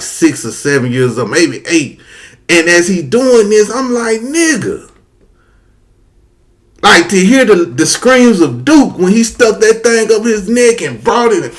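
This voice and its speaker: A man telling a story casually and with lots of profanity, talking straight to his audience. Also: a little high. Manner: animated, profane, addresses the audience as y'all.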